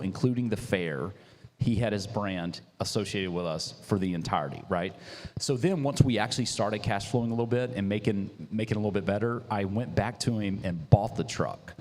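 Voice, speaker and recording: A man founder telling a story in casual chat, animated and slangy, with lots of restarts. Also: fairly low pitch, brisk. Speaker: coffee business founder, guest. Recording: echoey hall with faint noise.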